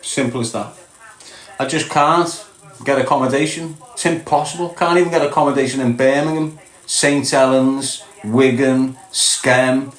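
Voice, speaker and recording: A man with a Scouse accent chats bluntly and casually to his livestream viewers, calling them lad and mate. His medium-pitched voice has fairly even intonation and normal speed. He's in a small indoor box room with a roomy echo.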